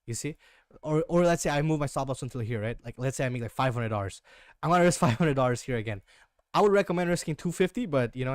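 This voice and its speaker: A man's voice: mid-range voice, clean tone, no room sound, clean studio sound. A young man from Northeast India with an Indian English accent, chatting casually and slangily as a livestream trading host. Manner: slangy, relaxed, keeps saying "bro".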